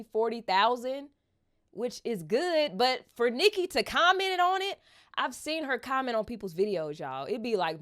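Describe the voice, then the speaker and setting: Animated woman vlogger telling a story. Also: a little high, clear, resonant tone. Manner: addresses viewers as "y'all", animated, rising to excited squeals. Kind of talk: casual storytelling to camera.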